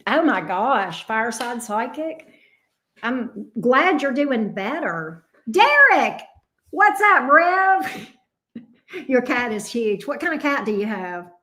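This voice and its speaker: A woman's voice: fairly high pitch, sing-song, takes it slowly, pushed and bright. A woman hosting a casual livestream. She greets viewers by name and coos affectionately over her dog. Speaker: tarot reader hosting a livestream. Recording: roomy echo.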